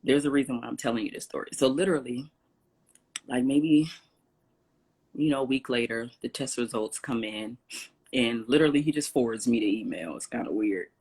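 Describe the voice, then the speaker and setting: A woman guest in an interview telling a personal story in an animated way, acting out what others said and often clearing her throat. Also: very deep voice, brisk. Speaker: interview guest, salon owner.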